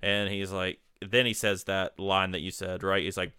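A man's voice: low voice, level tone, normal speed, sharp tone, no echo, clean studio sound. A man co-hosting a podcast, retelling movie scenes in casual, profane chat and acting out the lines. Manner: retelling scenes, quoting lines in gruff voices, swears a lot. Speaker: podcast co-host.

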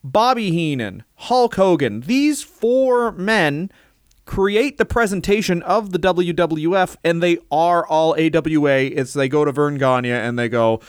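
A young adult man co-hosting a casual podcast, joking and swearing a lot in an excitable way. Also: on the high side, unhurried, clean tone, dry recording, studio quality. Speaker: podcast co-host, comedian.

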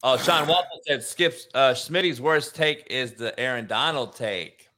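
A man's voice: mid-range voice, measured pace, pushed and bright. A man hosting a casual sports debate show, brash and profane, often laughing and ribbing his co-host.

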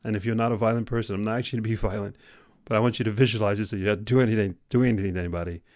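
A man's voice: lowish voice, steady tone, rapid-fire, dry recording. Intense man giving a pep talk. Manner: intense, emphatic, swings from loud exhortation to hushed intimacy. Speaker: podcast host. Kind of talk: motivational podcast monologue. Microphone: podcast microphone.

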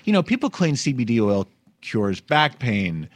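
A man's voice: mid-range voice, very animated, normal speed, no room sound. A man, hosting a comedic news podcast in a chatty, wry way and laughing as he talks. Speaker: podcast host. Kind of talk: casual comedic news chat.

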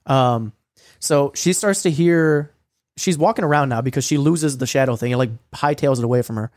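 A young man telling a story in casual chat, swearing a lot and filling his talk with "like" and "um," sometimes acting out quoted lines in a higher voice. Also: moderate pace, darkish tone, dry recording, studio quality. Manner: profane, rambling storytelling with many fillers; acts out quoted lines with a raised voice. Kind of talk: casual recap of a streamed game.

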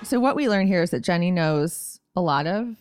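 A woman's voice: fairly low pitch, lively intonation, moderate pace, noisy background. A woman co-hosting a podcast, chatting casually and laughing often. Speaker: podcast co-host. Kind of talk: casual chat.

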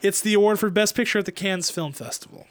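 A man's voice: high voice, fast. A man co-hosting a podcast, running a playful quiz game and teasing his co-host while building suspense. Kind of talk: casual podcast chat.

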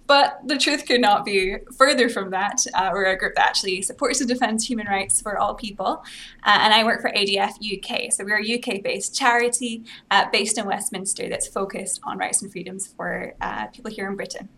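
A woman's voice: mid-range voice, moderate pace, pushed and bright. A young woman from Scotland whose accent sounds somewhat American, explaining her views earnestly and steadily as a podcast guest. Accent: Scottish with an American-sounding lilt. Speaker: guest advocate. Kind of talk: podcast interview.

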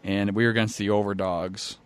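A young man chatting casually on a podcast, swearing freely, who tells rowdy stories and acts out quotes louder. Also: lowish voice, little pitch movement, fairly quick, clean tone. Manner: laid-back, profane, acts out quotes loudly. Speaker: former pro wrestler, guest. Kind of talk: casual podcast chat, storytelling. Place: studio. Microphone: studio mic.

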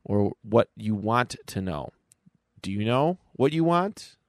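A man reading a slow, riddling spirit eye. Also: lowish voice, animated, vocal fry, dry recording, studio quality, exaggerated voice. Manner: slow, teasing riddling questions.

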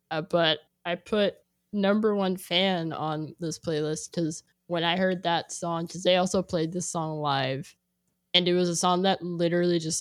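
Rambling young woman, slow and dry. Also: low-pitched, no room sound. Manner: rambling, heavy use of "like", animated when quoting. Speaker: guest sharing a playlist. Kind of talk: casual chat.

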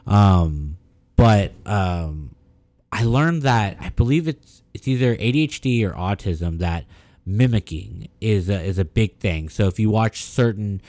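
A man co-hosting a casual podcast chat, telling stories in an animated way with quick asides. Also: fairly low pitch. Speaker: podcast co-host.

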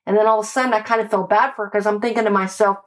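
Rapid-fire and medium-pitched, this woman is a homicide detective recounting her street days in casual conversation. Her delivery is animated and emphatic, full of swearing, "like," and frequent "right?" checks.

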